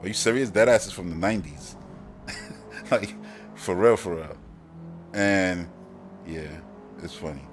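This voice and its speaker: This podcast host, a Brooklyn, New York native with the accent to match, rambles through a slangy live-stream chat and laughs a lot. He speaks low and a little slowly, with long pauses, over faint background music.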